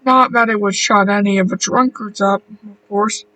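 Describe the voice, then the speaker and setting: A man reading a horror story aloud, slow and deliberate, with a few small restarts. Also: high voice, flat delivery, a bit bright, distant mic, poor audio. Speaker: narrator.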